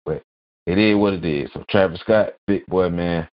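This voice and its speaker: A man's voice: low-pitched, moderate pace. A man hosting a solo podcast, ranting bluntly and profanely, repeating phrases to mock. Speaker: podcast host. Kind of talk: solo opinion rant. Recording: dull lo-fi audio.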